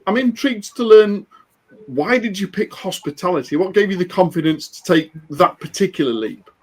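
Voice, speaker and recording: A man's voice: high voice, lively intonation, normal speed, rough recording. A man hosting a podcast, asking earnest questions of his guest. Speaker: podcast host. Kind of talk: interview questions.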